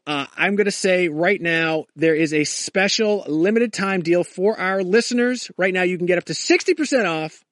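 A podcast host talks through a sponsor read in a loose, chatty way, joking and rambling as he goes. His voice sits a little high. The sound is dry and close. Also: fairly bright tone, no room sound. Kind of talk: casual ad read.

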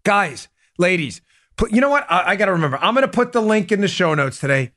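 A man hosting a political commentary show, talking emphatically, repeating his key points and breaking off into quick asides. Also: high-pitched, very animated, pushed and bright. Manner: asides and self-interruptions. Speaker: podcast host.

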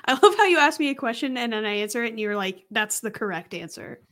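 A woman's voice: on the high side, lively intonation, very fast, fairly bright tone. Giggly woman teasing her co-host. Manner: laughs easily, teasing. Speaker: podcast co-host. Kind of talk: casual chat. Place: at home.

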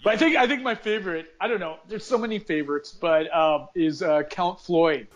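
A man co-hosting a casual chat in a fairly high voice. He sounds eager, laughs easily and leans on fillers like "um" and "like". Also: fairly quick. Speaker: podcast co-host.

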